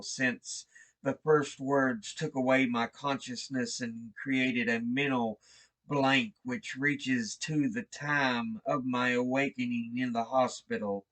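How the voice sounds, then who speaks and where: A man reading a horror story aloud in a slow, brooding, theatrical style. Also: mid-range voice, fairly bright tone. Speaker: reader. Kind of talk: dramatic horror story narration.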